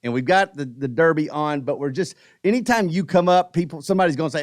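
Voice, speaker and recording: Male co-host, casual anecdote teller, slightly high voice, dry close sound. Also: fast, dry recording. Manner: laid-back, tells anecdotes with quoted voices. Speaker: podcast co-host. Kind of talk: casual chat.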